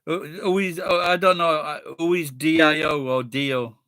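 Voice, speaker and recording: Middle-aged Sheffield man, blunt and foul-mouthed in loose chat, fairly high voice. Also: steady tone, moderate pace, pushed and bright, smooth, no echo, studio quality. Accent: Sheffield English. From Sheffield, England. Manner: sweary, rambling, blunt. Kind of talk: casual chat with friends.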